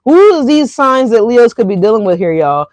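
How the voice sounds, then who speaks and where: A woman's voice: on the high side, big pitch swings, normal speed, darkish tone, no room sound. A woman giving a casual tarot reading to her viewers, chatty and loose, often adding "right?" and "y'all". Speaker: tarot reader.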